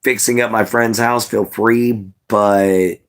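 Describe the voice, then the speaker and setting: A man's voice: fairly low pitch, steady tone, takes it slowly. A man hosting a casual livestream, chatting straight to his viewers in a laid-back way with plenty of "you know"s. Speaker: livestream host.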